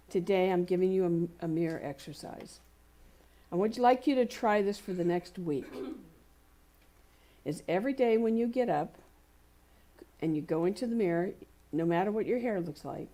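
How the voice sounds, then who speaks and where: A woman speaking at a spiritual community service, telling everyday stories in a conversational sermon with laughter and playful voices. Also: fairly low pitch. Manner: warm anecdotal storytelling with laughs and playful quoted voices. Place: community center hall.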